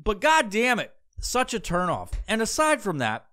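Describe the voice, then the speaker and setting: A man's voice: high voice, huge pitch swings, normal speed, sharp tone. A man hosting a crude comedy podcast, ranting profanely and acting out voices mid-story. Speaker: podcast host.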